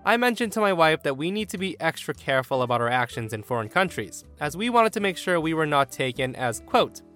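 Give me an animated man reading a story aloud over soft music. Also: on the high side, a little fast. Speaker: story narrator.

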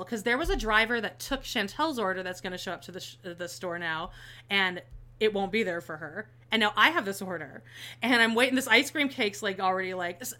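A woman telling a story in casual chat, animated and swearing freely, acting out everyone she quotes. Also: medium pitch.

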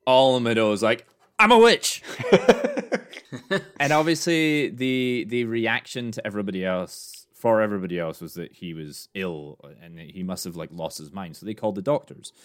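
A man's voice: on the low side, a little fast, few pauses, smooth. A man, co-hosting a podcast and telling a history story in a casual, jokey way with plenty of ums. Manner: jokey, laughs between facts, many ums. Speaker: podcast co-host.

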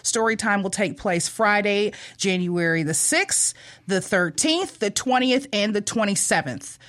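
A woman's voice: medium pitch, lively intonation, measured pace, fairly bright tone. Woman radio cohost, chatty and teasing, laughs a lot. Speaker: radio show co-host. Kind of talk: casual radio chat.

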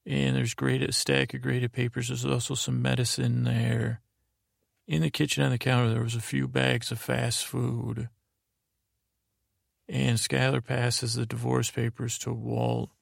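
A man hosting a sleep podcast, recapping a show in a meandering, halting way with lots of fillers and restarts. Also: medium pitch, level tone, gravelly, no room sound, clean studio sound. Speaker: podcast host.

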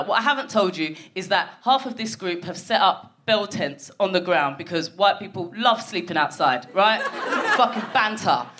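A woman in her forties performing a stand-up comedy set on a theatre stage, telling a story full of swearing and quick asides to the crowd. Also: mid-range voice, fairly bright tone. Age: 40s. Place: theatre stage before a live audience. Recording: noisy live theatre recording.

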